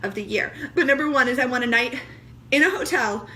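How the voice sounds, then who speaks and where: A woman in her thirties, a mother of young kids, talking casually to camera in an animated, joking way with frequent laughter. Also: sits high, fairly quick, slight background noise. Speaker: vlogger.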